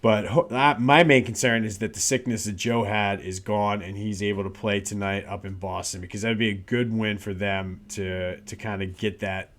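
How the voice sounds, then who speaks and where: A man's voice: on the low side, fairly even intonation, moderate pace, hardly any pauses, a bit bright. A man in his thirties hosting a casual solo sports podcast, chatty and rambling, with frequent fillers and restarts. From Philadelphia area. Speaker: podcast host. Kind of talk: casual solo talk show.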